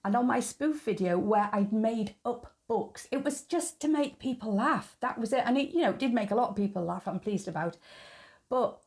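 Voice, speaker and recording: Frank, chatty woman with slight gravel. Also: a little high, animated, moderate pace, darkish tone. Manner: frank, chatty, laughs at her own jokes. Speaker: YouTube channel host. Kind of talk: casual opinion monologue.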